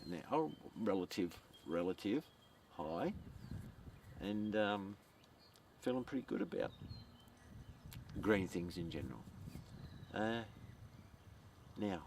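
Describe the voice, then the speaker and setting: Standing outdoors by a grave, this male vlogger talks slowly and animatedly in a fairly low, slightly mellow voice, pausing often. His meandering monologue to camera is full of repetition, swearing, and chuckles, recorded on a distant mic with faint outdoor noise.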